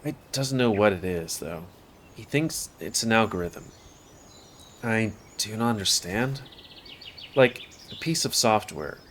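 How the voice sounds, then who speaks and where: A man's voice: lowish voice, animated, moderate pace, fairly bright tone, a little hiss or hum. A man casually reading a visual novel aloud in first person, with offhand asides. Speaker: game streamer.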